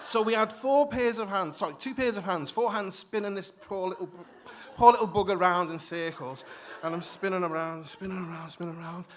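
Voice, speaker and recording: A man telling a story on stage to a live audience, animated, acting out voices and often restarting his sentences. He has moved to Australia from elsewhere. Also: high-pitched, a little fast. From migrated to Australia. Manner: animated, acts out quoted voices, frequent restarts. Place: stage in a hall before an audience.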